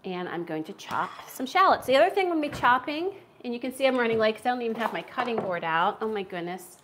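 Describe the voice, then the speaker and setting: A woman's voice: fairly high pitch, animated, quick pace, a bit bright, slight background noise. Chatty american woman cooking at home. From United States. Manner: chatty and self-deprecating, talking while she cooks. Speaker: cooking livestream host. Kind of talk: casual cooking livestream chat. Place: home kitchen.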